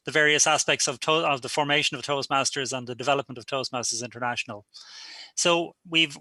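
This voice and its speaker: Male meeting chair on a video call; fairly high, very bright tone, informal handover patter. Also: dry recording. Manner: informal, thinks aloud between handovers.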